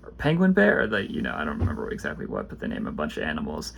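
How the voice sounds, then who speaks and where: A man casually opening trading card packs, reading card names aloud and chatting about them in a rambling, low-key way. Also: racing, creaky, fairly bright tone, slightly rough. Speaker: card pack opener. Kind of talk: casual pack-opening commentary.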